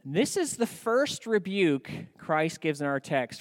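A male pastor preaching a sermon in a church, animated and asking rhetorical questions. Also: fairly high pitch, takes it slowly, long reverb tail.

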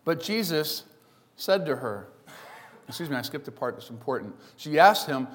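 A man's voice: medium pitch, animated, normal speed, in a large hall. A male pastor delivering a sermon with emphatic, repeated contrasts.

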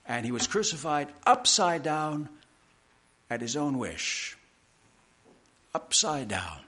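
Male pastor, higher voice, very animated intonation; emphatic sermon delivery. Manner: emphatic, slow deliberate preaching with dramatic pauses.

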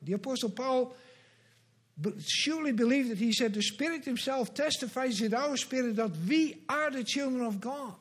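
A pastor preaching a sermon, earnest and measured, with slow emphatic repetitions. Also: male voice, extremely high pitch.

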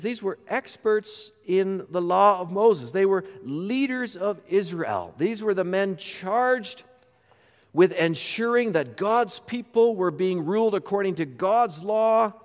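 High-voiced man preaching in a reverberant hall. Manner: emphatic, rhetorical questions. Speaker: pastor. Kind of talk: sermon.

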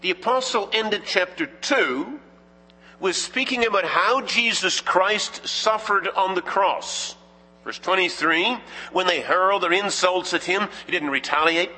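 A male pastor delivers a measured, emphatic sermon with a husky, high voice. He speaks slowly and poses rhetorical questions. The sound carries a long reverb from a church hall. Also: sharp tone. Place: church sanctuary.

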